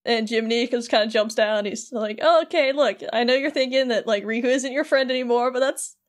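A podcast co-host, a woman, talking through a video game in easy conversation. Her voice sits a little high, and she slips into playful put-on voices when she quotes the characters. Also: fairly quick, few pauses. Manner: animated, acts out characters' lines in playful voices. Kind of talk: casual chat recapping a game.

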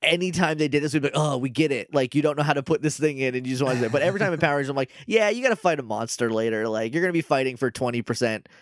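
A man co-hosting a podcast, casually recapping a TV episode, rambling and quoting characters in quick bits. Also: mid-range voice, no room sound, clean studio sound. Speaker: podcast co-host.

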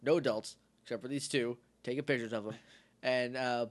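A medium-pitched man talks briskly as a podcast co-host, chatting casually while recapping a TV episode. He's animated, acting out the characters' lines mid-story.

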